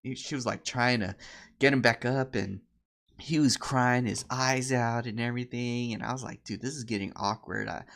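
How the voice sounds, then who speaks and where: A man co-hosting a podcast, chatting casually and telling stories, acting out quoted people in high voices. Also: moderate pace, creaky. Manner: animated storyteller, acts out quotes in high voices. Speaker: podcast co-host. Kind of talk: casual chat.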